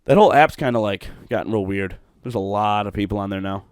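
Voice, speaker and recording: A middle-aged man from Ohio, USA, hosts a solo podcast, rambling, swearing and poking fun at himself. His fairly low voice is smooth and fast. The studio sound is clean, with no room sound.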